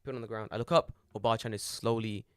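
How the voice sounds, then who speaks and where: A young man, a podcast co-host, telling an animated story in casual chat and swearing freely. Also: lowish voice, fast, smooth, dry recording, studio quality. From Britain.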